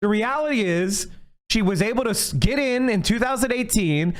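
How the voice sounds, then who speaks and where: A man's voice: high-pitched, expressive, normal speed. A man streaming a heated political rant, angry and profane, fired up as he goes. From United States.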